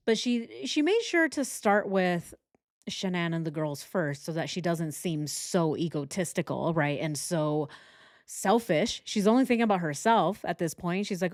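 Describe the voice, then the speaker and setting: A woman's voice: on the low side, expressive, moderate pace, no room sound, clean studio sound. A woman hosting a true crime reaction video, commenting casually and with sarcastic, mocking remarks.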